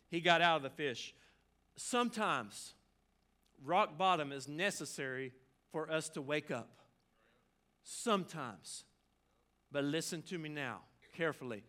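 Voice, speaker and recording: A man's voice: on the high side, normal speed, bright, forceful tone. A man preaching a sermon as pastor, casual and joking with asides to the congregation. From Arkansas.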